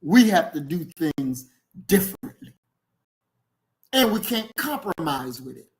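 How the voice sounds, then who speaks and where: A man's voice: on the high side, very animated, unhurried, slight background noise, rough recording. Blunt, emphatic man hosting a book talk. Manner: blunt, forceful and emphatic, repeats points for weight. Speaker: host discussing a book. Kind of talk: casual podcast discussion.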